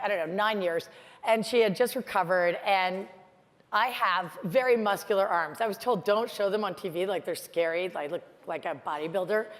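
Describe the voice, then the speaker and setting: A middle-aged American woman telling stories in a lively, chatty motivational conference talk. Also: mid-range voice. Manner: storytelling, animated, chatty with many "like"s. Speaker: keynote speaker. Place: large conference hall. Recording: hall reverb from a stage mic.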